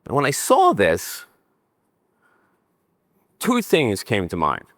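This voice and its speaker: An older man from New Jersey giving a conference presentation, animated and joking as he talks with his hands. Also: mid-range voice, takes it slowly, dry recording, studio quality. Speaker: conference speaker. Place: conference session room.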